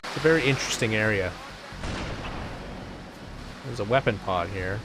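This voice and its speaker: A man hosting a let's play, giving rambling, casual gameplay commentary full of swearing and excitable outbursts. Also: lowish voice, moderate pace, noisy background. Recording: game music in background.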